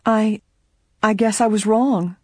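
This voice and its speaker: A reader voicing a sheepish young woman friend, apologetic, in a husky voice. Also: low voice, fairly even intonation, fast talker, a little mellow, no echo, clean studio sound.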